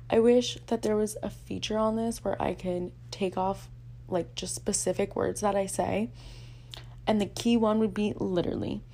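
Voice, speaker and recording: Chatty young woman with gravelly fry. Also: medium pitch, warm tone. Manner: chatty, self-deprecating, many fillers like "like" and "literally". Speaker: podcast host. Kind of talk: casual solo podcast talk.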